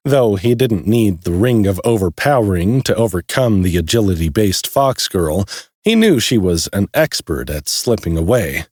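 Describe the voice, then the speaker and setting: Brief: low, husky man narrating a fantasy audiobook, animated delivery. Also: moderate pace, no room sound, clean studio sound. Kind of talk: scripted narration.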